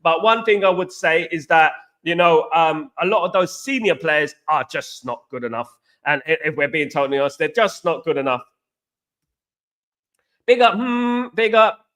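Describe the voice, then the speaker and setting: Slightly high and brisk, with a fairly bright tone, this English man's voice carries a laid-back live stream. He reads viewers' comments aloud, chats with them, and addresses them as "guys" and "mate"; he's from England.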